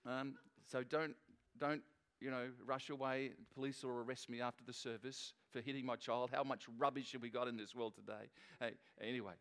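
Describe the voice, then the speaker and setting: This middle-aged pastor's voice is medium-pitched, clear and resonant, a bit bright, with fairly even intonation and a slightly fast pace. He preaches at a church service in a loose, joking, conversational manner, often beginning sentences again.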